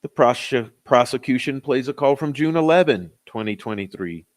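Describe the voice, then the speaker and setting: A man's voice: mid-range voice, lively intonation, normal speed. A man recaps court testimony for his channel, reading it out in a mid-range voice. He breaks off into indignant, sarcastic asides. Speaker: true-crime commentator.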